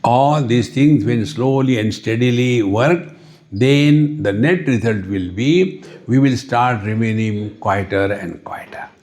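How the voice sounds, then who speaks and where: A man with an Indian English accent giving a spiritual discourse at a retreat, unhurried, often asking "See?" and chanting Sanskrit verses. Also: mid-range voice, darkish tone. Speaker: spiritual teacher. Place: retreat hall.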